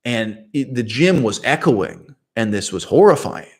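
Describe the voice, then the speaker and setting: A man's voice: mid-range voice, very animated, measured pace, slight background noise. A man hosting his own channel, telling a personal story in a digressive, self-correcting way and laughing at himself. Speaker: channel host. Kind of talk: rambling personal monologue.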